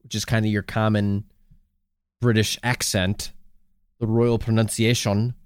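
A man co-hosting a podcast in casual chat, animated and swearing often, with jokey put-on voices. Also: lowish voice, measured pace, clean tone, no echo, clean studio sound. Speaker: podcast co-host.

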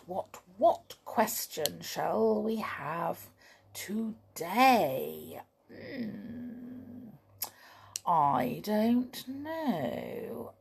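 A woman's voice: medium pitch, vocal fry, breathy edge. A woman reading a children's story and chatting playfully with young listeners.

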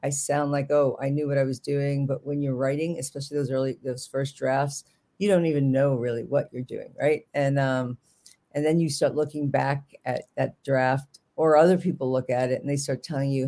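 Author guest, from New York, gravelly fry in the voice, rambling, self-interrupting, joking. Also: mid-range voice, fairly even intonation, moderate pace, mellow. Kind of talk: casual interview talk.

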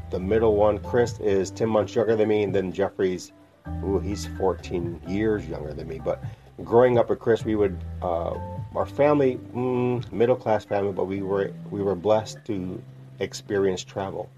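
A man from northern Illinois, a podcast host telling his personal faith story in a reflective, heartfelt way with pauses. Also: low voice, mellow, muffled recording. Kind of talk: personal testimony.

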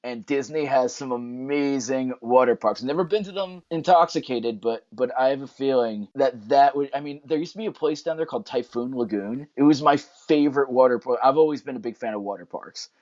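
A man's voice: medium pitch, a little fast, hardly any pauses, darkish tone. A married man co-hosting a podcast, talking loosely and profanely in casual chat. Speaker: podcast co-host. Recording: slightly dull lo-fi audio.

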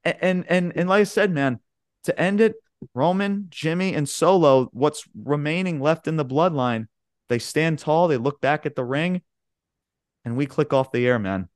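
Male podcast co-host, hyped rambling recapper, swears a lot, slightly high voice. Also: normal speed, no room sound, studio quality. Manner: excitable, swears often, says "bro" and "man"; rambling play-by-play retelling. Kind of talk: casual chat.

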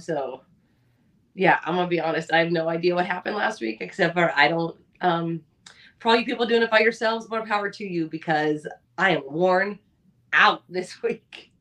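A woman's voice: lowish voice, steady tone, normal speed, fairly bright tone, distant mic. A woman co-hosting a podcast, chatting casually and laughing at herself. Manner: chatty, self-deprecating, laughs often. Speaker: podcast co-host. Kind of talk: casual chat.

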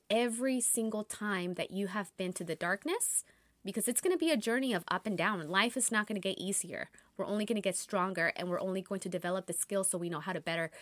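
A young adult woman, a meditation teacher and podcast host, telling spiritual stories earnestly with lively bursts of excitement. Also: on the low side, no room sound. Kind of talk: reflective spiritual monologue.

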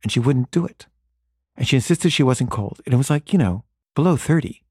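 A man's voice: brisk, breathy edge, dry recording. Dry-sounding man telling a story. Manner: casual, animated, acts out dialogue with rising pitch. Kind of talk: personal anecdote.

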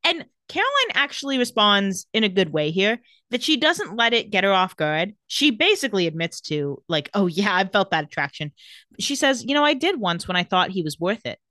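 A woman's voice: mid-range voice, a little fast, no echo. Chatty young woman recapping scenes. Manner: retells scenes, quoting characters with lively shifts. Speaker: podcast co-host recapping a TV episode. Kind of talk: casual chat.

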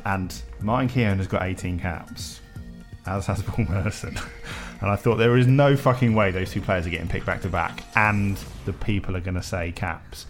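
A man's voice: sits low, moderate pace, soft background music. A man hosting a quiz, announcing whose turn it is and revealing answers. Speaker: quizmaster.

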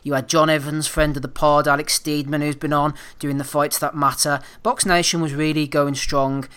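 A man's voice: a little high, level tone, normal speed, fairly bright tone, clean tone. A man hosting a casual boxing podcast, swearing freely and moving the chat between segments. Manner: swearing, laughing, runs the segments. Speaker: podcast host.

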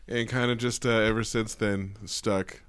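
A man hosting a radio show, chatting in a relaxed, jokey way and laughing often. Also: on the low side, measured pace, smooth. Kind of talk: casual chat.

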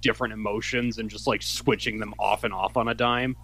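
A man's voice: lowish voice, fairly even intonation, fairly quick, pushed and bright, a little hiss or hum, low-quality recording. A man in a casual chat who rambles and fills his talk with "like".

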